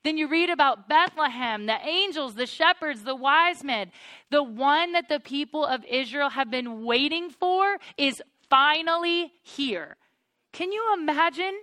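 An unhurried woman with a high voice, recorded with no echo, teaches through the Bible in an earnest, personal way. Choked up, she calls listeners "you guys" as her sense of wonder builds into excitement.

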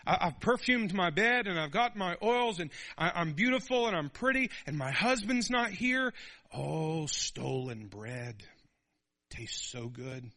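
A man in a sermon voicing a seductive adulterous woman who coaxes slowly and low. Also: animated, pushed and bright, full character voice. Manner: slow, low, coaxing.

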